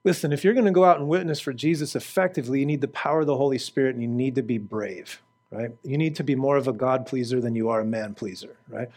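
Fast and mid-range in voice, a male preacher preaches fervently to his congregation. He questions the listeners directly, and his delivery swings from loud shouts to soft prayer.

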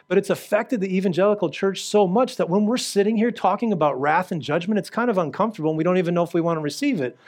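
A male preacher giving a fervent sermon to a congregation. He asks the audience direct questions and swings from shouting to quiet prayer. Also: high voice, fast, hardly any pauses.

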